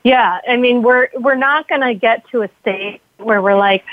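A middle-aged woman speaking in a lively, easy conversational way, laughing often and dramatizing the feelings she describes. The sound is dry and thin, like a phone line. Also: on the high side, normal speed, no echo. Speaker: guest, mindful parenting author. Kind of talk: casual interview talk.

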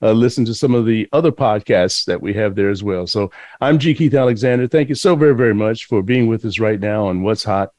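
A man's voice: on the low side, brisk, hardly any pauses, darkish tone, no echo. Male talk show host, dry sound.

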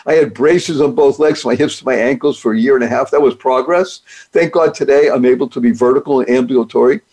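A man's voice: medium pitch, quick pace, darkish tone. A man hosting his own show, giving a playful, upbeat motivational talk full of acronyms and wordplay. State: speaks despite paralysis from a rare disease. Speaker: podcast host. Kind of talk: motivational monologue.

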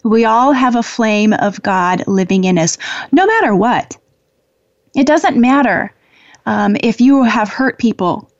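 A woman hosting a spiritual call-in show as an angel communicator, talking in an affectionate, gentle way with soft fillers and pauses. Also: on the high side, expressive, no room sound, dull audio. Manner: warm, affectionate, laughs often, pauses with fillers. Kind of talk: spiritual talk show monologue.

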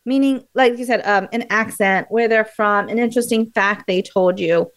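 A woman guest on a radio interview, explaining memory techniques in a lively, animated way with frequent fillers and restarts. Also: fairly high pitch, moderate pace.

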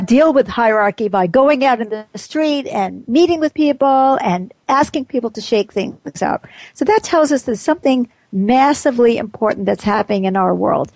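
A woman's voice: a little high, gravelly, a little mellow, no room sound. A woman giving a candid, earnest reflective talk about personal growth.

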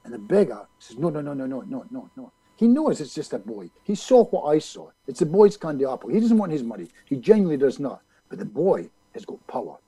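A gravelly, somewhat husky man tells a story as an interview guest. His pitch swings widely as he acts out the other people in it. The sound is close and dry. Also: sing-song, brisk, few pauses, warm tone, dry recording, poor audio. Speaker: hypnotist guest. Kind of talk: telling a story in a conversational interview.

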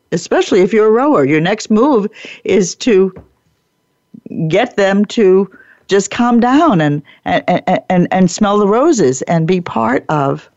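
A woman host tells a workplace parable with a lively, swooping voice that has a gravelly edge. She talks playfully and slips into the characters. The sound is dry and a little dull, as on a lo-fi recording. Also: on the low side, no echo. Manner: animated, playful, laughs often, acts out characters. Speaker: podcast host and workplace improvement speaker. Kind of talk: storytelling lecture.

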